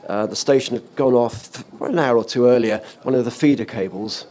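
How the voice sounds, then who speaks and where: Older male former DJ, lively anecdote teller on a panel stage. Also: medium pitch, moderate pace. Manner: animated anecdotal, with laughs and restarts. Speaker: former offshore radio DJ, guest. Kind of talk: storytelling in a panel talk. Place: event stage or hall.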